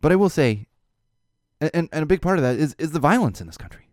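A show host delivers a fast, animated and emphatic casual monologue, his pitch rising and falling in lively sweeps. He hammers key words and repeats them when upset, and the recording is dry and close with no room sound.

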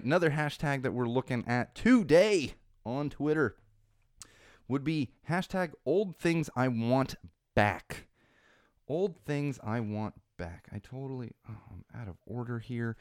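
A chatty male host talking loosely and animatedly, his delivery full of fillers and easy chuckles. His voice is smooth and clean, sitting in the middle of the male range. The recording is close and dry, with no room sound. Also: mid-range voice, no room sound. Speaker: podcast host. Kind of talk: casual chat about trending topics.

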